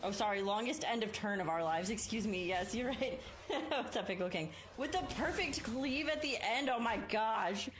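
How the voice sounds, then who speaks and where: A woman talks through her game live, reacting loudly to every turn. Her chatter is casual and full of exclamations. She sounds excitable and quick to react. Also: mid-range voice, slight background noise. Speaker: game streamer.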